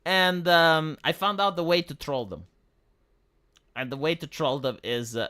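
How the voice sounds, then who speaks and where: A man's voice: a little high, a little slow, sharp tone, clean tone. A man talking on a livestream in a rambling, profane, mocking rant.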